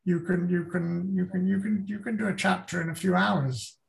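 This is an older man with a British English accent, talking in a casual interview. His voice sits fairly high for a man and has a gravelly edge. He rambles, repeats words and restarts his sentences as he thinks aloud. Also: steady tone, normal speed. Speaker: author, guest.

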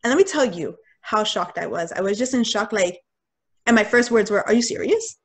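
A young woman telling a personal story in casual talk, candid and animated, acting out what people said. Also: medium pitch, normal speed. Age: young adult. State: getting choked up. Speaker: guest sharing a personal story.

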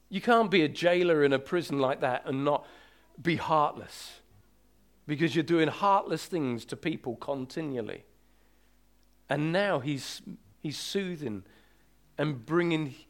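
A man preaching a sermon as pastor, emphatic and urgent, slowing to draw out key words for weight. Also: fairly high pitch.

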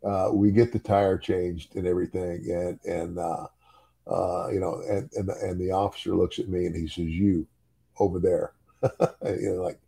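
A man's voice: sits low, flat delivery, normal speed, gravelly, dark tone, slightly rough. An older man and former wrestler telling a story in casual chat, chuckling often and repeating words as he goes.

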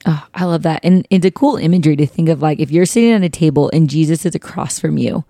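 A woman's voice: low-pitched, fast, warm tone, no room sound, clean studio sound. A woman hosting a faith-based podcast, chatting casually and animatedly. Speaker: podcast host.

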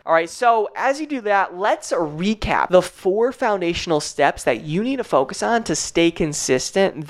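A fitness coach leading a live training session for clients, talking straight to viewers with energy, blunt encouragement and casual swearing. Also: medium pitch. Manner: direct address to viewers, frequent "all right?" check-ins.

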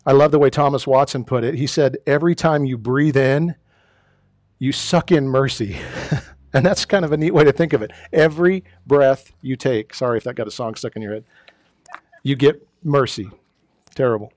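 Pastor preaching in a casual, joking way. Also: male voice, medium pitch, fairly quick, darkish tone, no echo. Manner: conversational, self-deprecating humor with mock exasperated outbursts. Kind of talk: sermon. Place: church sanctuary.

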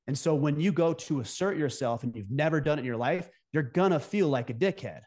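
A man's voice: a little high, expressive, brisk, darkish tone. A man speaking as a guest on a podcast, giving direct, emphatic advice in casual interview talk.

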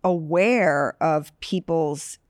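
A woman's voice: low-pitched, very slow, no echo, clean studio sound. A woman from New York, a podcast guest talking candidly and expressively in casual chat.

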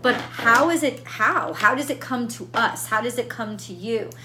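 A woman's voice: on the high side, expressive, normal speed, noisy background. A woman reading tarot cards in a casual, unscripted way, thinking aloud and often repeating her questions. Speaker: tarot reader.

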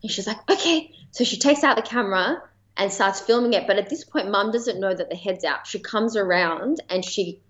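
An Australian woman speaks at an ordinary middle pitch, recounting her story in a relaxed, talkative way with plenty of "like" and "um" and laughter slipping in. The audio sounds slightly dull and lo-fi. She is a guest on a conversational podcast. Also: normal speed. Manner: chatty, many fillers, laughs while telling. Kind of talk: casual personal storytelling.

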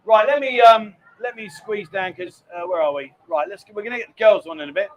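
A middle-aged man hosting a casual live stream from a lounge bar, reading out viewer comments and teasing his co-host with loud exclamations. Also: high voice, brisk, highs cut off, a little hiss or hum. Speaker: livestream host.

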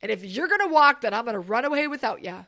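A woman puts on a fired-up male running trainer who fires off challenges quickly and loudly, his voice sitting high. He pushes hard and won't let her slow down. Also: expressive. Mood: challenging. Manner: fast, loud, challenging.

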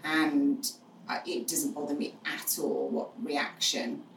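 A middle-aged woman, a guest on the show, telling her experience frankly and finding humour in dark moments. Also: deep voice, fairly even intonation, slow, gravelly. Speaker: guest, charity co-founder. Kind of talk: candid storytelling in conversation. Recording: roomy, distant mic with faint noise.

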